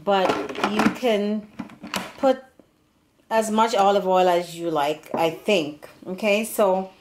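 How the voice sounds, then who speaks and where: Over a noisy background, a woman speaks slowly at medium pitch while hosting a home cooking demonstration in her kitchen. The Serbian-background channel host is chatty and meandering, repeatedly restarting sentences.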